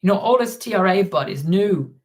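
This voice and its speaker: A man's voice: sits high, animated, brisk. A man from the Netherlands with a Dutch accent, hosting a casual livestream, recounting events and reading out viewer comments and donations. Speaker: livestream host.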